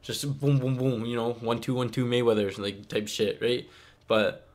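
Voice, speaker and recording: A man's voice: medium pitch, flat delivery, normal speed, a little mellow. A young man telling a story casually, rambling and filling his talk with "like" and "okay?".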